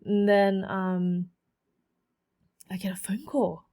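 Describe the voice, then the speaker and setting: A woman in her thirties hosting a solo podcast, telling her story in a chatty, animated way with many fillers and repeats. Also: medium pitch, takes it slowly. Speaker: podcast host.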